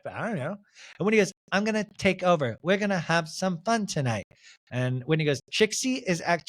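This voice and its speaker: A man hosting a solo podcast, recapping a reality show and acting out the quotes in mimicking voices. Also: on the high side. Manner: animated, mimics cast members' voices. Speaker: podcast host.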